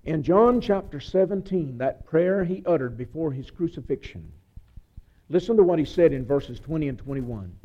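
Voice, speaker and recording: A man preaching a sermon, retelling a story with a voice that swings from loud excitement to a quiet hush. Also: mid-range voice, moderate pace. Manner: dramatic storytelling, voice rising and dropping to a hush. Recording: muffled lo-fi recording.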